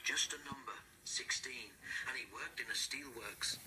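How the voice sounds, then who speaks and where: A man's voice: medium pitch, measured pace, heavy background noise, close to an everyday voice. A man voicing a chatty, wise old tank engine who tells a story in a friendly way, for a storybook reading. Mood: storytelling.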